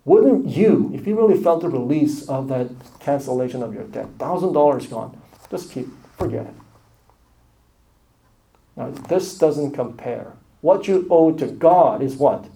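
A man delivers a sermon in a slightly high, gravelly voice. His tone is dark and mellow, and he presses his points home by piling up short, repeated phrases with earnest emphasis. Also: rough recording. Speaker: pastor.

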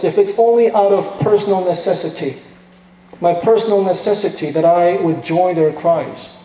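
A man preaching in a church sanctuary, his voice a little high but mellow and dark in tone. He swings between hushed, slow lines and loud, pleading outbursts. The room rings with a long, echoey reverb. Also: faint music behind. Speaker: pastor. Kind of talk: sermon.

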